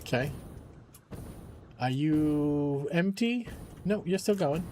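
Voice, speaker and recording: A man's voice: fairly high pitch, animated, slow pace, a little mellow, a little hiss or hum. A man streaming games for charity, chatting casually with viewers and his dog. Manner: chatty, talks to his dogs and chat. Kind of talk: casual live-stream chat.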